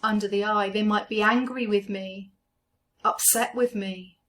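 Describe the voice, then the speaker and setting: A woman coaching a guided EFT tapping session, speaking slowly and gently as she names each tapping point. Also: medium pitch, steady tone. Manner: slow, gentle, soothing guidance.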